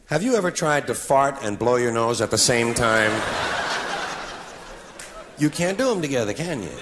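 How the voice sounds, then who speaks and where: Animated sardonic stand-up comedian man. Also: mid-range voice, moderate pace. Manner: animated, sardonic, mock-solemn asides. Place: live stage before an audience. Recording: noisy live recording.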